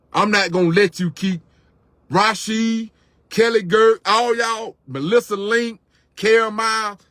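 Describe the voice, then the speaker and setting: A man's voice: fairly high pitch, a bit bright, no echo. A middle-aged man, venting on camera in an impassioned, repetitive rant to his viewers. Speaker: vlogger.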